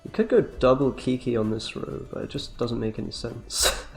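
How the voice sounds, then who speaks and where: A man's voice: medium pitch, lively intonation, moderate pace, creaky, soft background music. A man giving casual, jokey commentary while playing a card game, laid-back and slangy, laughing often.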